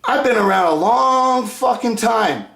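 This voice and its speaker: Man, high-pitched voice, cursing rant, combative, loud then muttering, roomy echo. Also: lively intonation, a little slow, vocal fry. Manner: profane, combative, swinging between loud outbursts and low muttering. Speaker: YouTuber. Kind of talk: angry video rant to fans.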